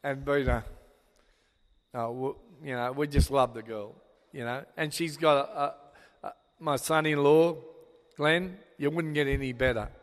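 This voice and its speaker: A man's voice: medium pitch, steady tone, measured pace. An older man with an Australian accent giving a rambling, sentimental father-of-the-bride speech, full of fillers and restarts. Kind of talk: wedding speech. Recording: long hall reverb.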